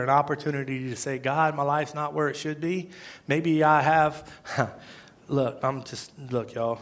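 A man preaching a sermon as pastor, conversational and swinging from hushed to emphatic. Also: medium pitch.

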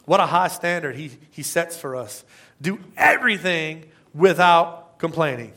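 High, bright-voiced middle-aged male preacher. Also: a little slow. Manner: emphatic preaching, repeats phrases and asks rhetorical questions. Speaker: pastor. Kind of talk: sermon.

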